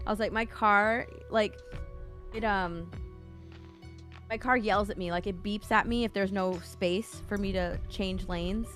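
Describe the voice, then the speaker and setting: A woman in casual chat, telling an animated story and quoting herself. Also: medium pitch, moderate pace, faint music behind. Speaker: guest painter.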